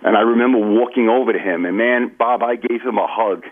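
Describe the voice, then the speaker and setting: A man's voice: mid-range voice, a little fast. A man, telling his recovery story in an earnest, confiding way during a radio interview. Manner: earnest, confiding, addresses host by name. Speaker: author and recovery guest. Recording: phone-line audio.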